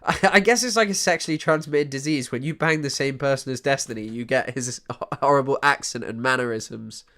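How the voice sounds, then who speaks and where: A young man doing casual live-stream commentary, animated and sweary, often trailing off into mumbles. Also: mid-range voice, brisk. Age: young adult. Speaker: streamer reacting to news clips.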